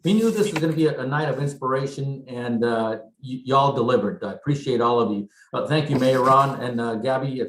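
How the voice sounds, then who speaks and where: Male gala host; casual, enthusiastic, mid-pitch, echoey room sound. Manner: upbeat, loose, with fillers. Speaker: event host. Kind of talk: casual hosting.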